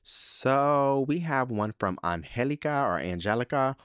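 A man hosting his own podcast in casual chat, talking in a sassy, animated way with lots of slang. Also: mid-range voice, measured pace, smooth, dry recording, clean studio sound. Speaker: podcast host.

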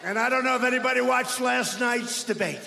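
A man giving a rally speech in a large indoor arena, mocking and shouting to the crowd. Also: extremely high pitch, brisk, vocal fry, a little hiss or hum. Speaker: politician at a rally. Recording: echoey arena with long reverb.

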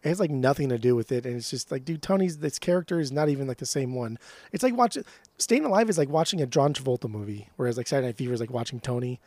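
A man co-hosting a casual podcast chat, emphatic and swearing freely, his voice jumping high when excited. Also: rapid-fire, no echo. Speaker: podcast co-host.

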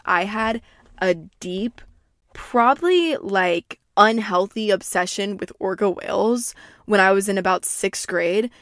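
A woman's voice: mid-range voice, a bit bright, no echo, clean studio sound. A young adult woman hosting a podcast in casual solo chat, rambling, swearing freely and speaking candidly. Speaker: podcast host.

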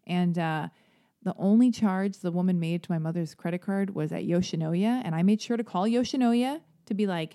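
A woman hosting her own podcast, rambling through a story in a self-deprecating way and jumping into high, animated voices when she quotes people. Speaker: podcast host. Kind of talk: casual solo podcast monologue.

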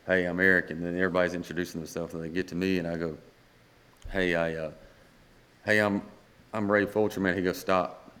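Low-voiced guy rambling through a story on a podcast, doing everyone's lines. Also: level tone, a little fast, long pauses, a bit bright. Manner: rambling anecdotes acting out quoted dialogue. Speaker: guest singer-songwriter. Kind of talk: casual storytelling in a podcast chat.

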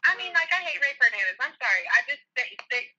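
A woman's voice: sits high, big pitch swings, fast, pushed and bright, highs cut off. A woman co-hosting a casual podcast chat, bluntly and emphatically repeating her complaints. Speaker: podcast co-host.

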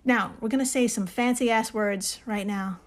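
A woman co-hosting a casual podcast, her voice sitting a little high. She explains with energy, swears freely and laughs often. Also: fairly even intonation, unhurried. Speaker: podcast co-host. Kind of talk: casual chat.

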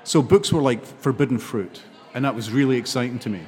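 A man's voice: mid-range voice, brisk. Scottish older man with a hall echo. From Scotland. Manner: animated, laughing storyteller. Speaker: novelist guest. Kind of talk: interview conversation.

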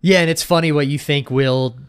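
A man's voice: fairly high pitch, fairly even intonation, fairly quick, smooth. Rambling, laid-back podcast guy. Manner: rambling, lots of fillers and swearing. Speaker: podcast co-host. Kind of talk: casual chat.

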